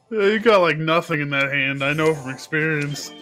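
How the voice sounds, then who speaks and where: A man hosting a casual card-game session with friends, excitable and teasing, laughing often. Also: a little high. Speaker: gaming channel host. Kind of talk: casual gameplay chat with friends.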